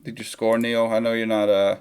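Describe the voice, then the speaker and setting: A man's voice: lowish voice, little pitch movement, fairly quick, a little mellow, clear, resonant tone. A young man chatting casually and joking while he reacts live to a football match on a home stream. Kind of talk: live match watchalong chat.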